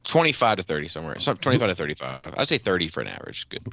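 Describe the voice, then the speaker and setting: A man's voice: deep voice, very animated, racing, sharp tone, no echo. A man in his thirties chatting on a podcast, telling rambling stories and swearing freely. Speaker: podcast co-host. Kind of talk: casual podcast banter.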